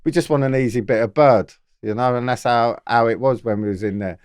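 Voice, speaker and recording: A man's voice: medium pitch, a little fast, darkish tone, smooth. London man explaining with tag questions. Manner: explains things plainly, with tag questions like "okay?" and "yeah?". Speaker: guest. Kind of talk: casual interview talk.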